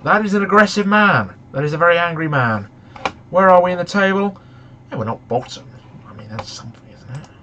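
A young man commentating on a football management game, excitable and shouting at the match in frustration. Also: high-pitched, brisk, highs cut off, a little hiss or hum. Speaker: gaming YouTuber.

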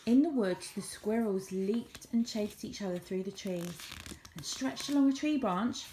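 A woman reading a children's picture book aloud, with expressive storytelling. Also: mid-range voice, a little slow, slight background noise. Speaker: storybook reader.

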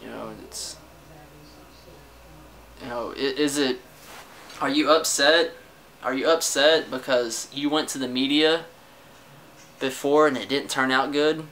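A man's voice: medium pitch, unhurried, long pauses, fairly bright tone, a little hiss or hum, poor audio. Frustrated, swearing young man venting on camera. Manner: frustrated, defensive, swears often, trails off and restarts. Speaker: vlogger. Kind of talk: casual personal rant to camera. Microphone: camera mic.

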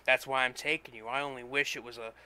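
A man reading a story, voicing an excited, swaggering young salesman full of himself. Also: medium pitch, quick pace, a little hiss or hum. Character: brash, boastful young male salesman.

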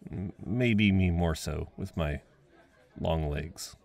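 A kind, teasing young guy at a house party, as a man acts him out in an audio role-play. His voice sits a little low and he talks in an unhurried, coaxing way, often breaking into soft chuckles. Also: gravelly, some chatter behind, full character voice. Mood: gentle, teasing.

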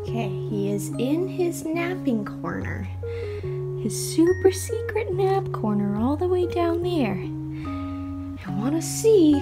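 A bubbly young woman chats to camera about her pets, her voice sitting high and leaping all over the place. She laughs often and swears lightly. Music plays clearly behind her. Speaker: pet vlogger. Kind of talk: casual chat to camera.

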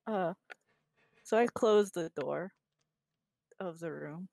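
A woman playing a tabletop game, describing her hero's actions and speaking her lines in a deliberate way. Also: fairly low pitch, gravelly, darkish tone. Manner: slow, deliberate, in-character outbursts. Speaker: player. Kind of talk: tabletop role-play.

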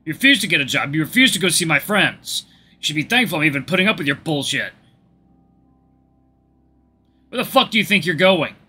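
A man's voice: fairly high pitch, animated, fast talker, sharp tone, husky, pitched above the performer's own voice, full character voice. A man doing a cursing, abusive bully. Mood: furious. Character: abusive, yelling man in a flashback.

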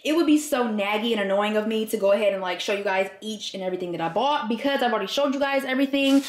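A woman's voice: medium pitch, quick pace. Chatty young woman vlogger, echoey room. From Michigan, USA. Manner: chatty, exclaiming, talks to viewers as y'all. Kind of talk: casual chat vlog. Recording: echoey room with faint background noise.

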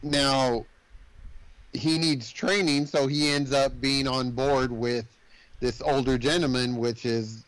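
A man on a casual movie podcast, walking through a film's story in a loose, rambling way. He stacks up fillers and slips into quick acted-out quotes. His pitch sits mid-range, and the recording is close and dry with no room sound. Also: steady tone, a bit bright, no echo, low-quality recording. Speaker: podcast host.

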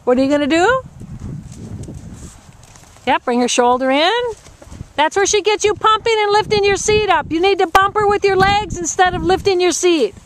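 A woman's voice: very high voice, normal speed, long pauses, a little hiss or hum. A woman riding instructor coaching a rider live, encouraging her and repeating short commands.

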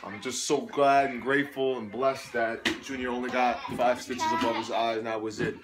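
A man's voice: mid-range voice, flat delivery, normal speed, background noise. A young man vlogging at home after a hard workout, sweaty and tired, talking in an upbeat, chatty, motivational way as a fitness coach. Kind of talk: casual motivational vlog. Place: home living room.

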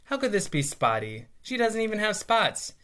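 A man voicing a young boy who pleads high and near tears for his lost dog. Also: sing-song, normal speed, sharp tone, exaggerated voice. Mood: insistent.

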